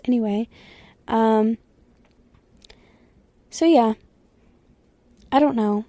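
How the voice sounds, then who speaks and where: A woman's voice: fairly high pitch, steady tone, slow, long pauses, dark tone, dry recording. A young woman hosting a solo podcast, talking candidly and rambling, swearing freely and sometimes dropping to a whisper. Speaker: podcast host. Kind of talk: casual solo podcast chat.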